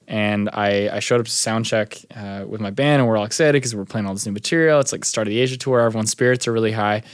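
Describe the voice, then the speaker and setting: A man's voice: lowish voice, no room sound. Laid-back young man telling stories. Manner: laid-back storytelling, many fillers. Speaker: musician guest. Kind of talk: casual interview chat.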